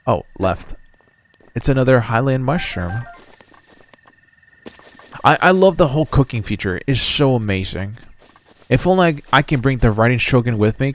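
A young man giving casual, excitable gameplay commentary as a streamer, chatty and slangy, reading game text aloud. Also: mid-range voice. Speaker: gaming streamer.

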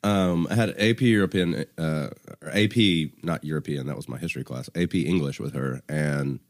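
A man with a softened Southern US accent from Alabama, telling stories in a relaxed, self-deprecating way on a casual podcast. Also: a bass voice, normal speed. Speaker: podcast co-host.

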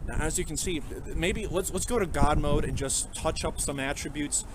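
A man with a slightly high voice narrates a fake game demonstration in a rambling, deadpan way, with many fillers. He records himself on a phone outdoors, over heavy city traffic noise. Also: moderate pace. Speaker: streamer. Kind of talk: mock game-demo presentation. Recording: loud street noise outdoors.

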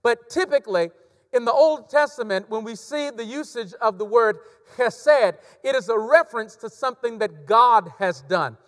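A man preaching a sermon as a pastor, emphatic and repeating key phrases, swinging between loud stresses and hushed drops. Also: extremely high pitch, moderate pace. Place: church sanctuary. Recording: long church reverb.

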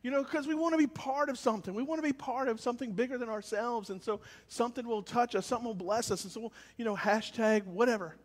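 A man preaches with a very high, ringing voice. He jumps from loud calls to hushed, low lines. The sound carries a long reverb. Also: fast talker, hardly any pauses. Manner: animated, swings between shouting and quiet. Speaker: pastor. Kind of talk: sermon. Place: church service, with cars passing by.

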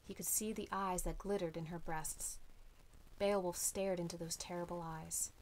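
A woman reads a storybook aloud in a steady, measured way. Her voice sits a little low. A faint hiss runs under the recording. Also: poor audio. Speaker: audiobook reader. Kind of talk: storybook narration.

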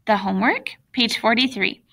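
A woman's voice: fairly high pitch, animated, moderate pace, creaky, a bit bright, exaggerated voice. Woman reading as a suspicious schoolteacher. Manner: guarded, reluctant. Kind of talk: audiobook read-aloud of a children's novel.

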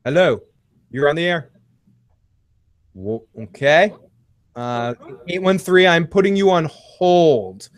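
A man hosting a casual recap show and taking calls, talking in an excitable, rambling way and swearing a lot. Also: fairly high pitch, takes it slowly, pauses often. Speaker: podcast host taking calls.

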